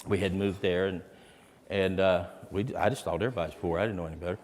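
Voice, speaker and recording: A man's voice: low voice, fairly even intonation, quick pace. A man giving a heartfelt, dramatic motivational testimony to educators. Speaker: speaker at an educators' event. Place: large hall. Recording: long reverb of a large hall.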